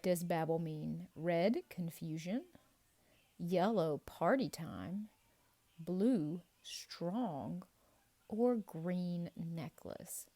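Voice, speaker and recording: Woman kids' teacher, lively playful quiz delivery, mellow low voice, slow and encouraging. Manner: playful, animated and encouraging, drawn-out answer reveals. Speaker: children's ministry teacher. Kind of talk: quiz review for kids.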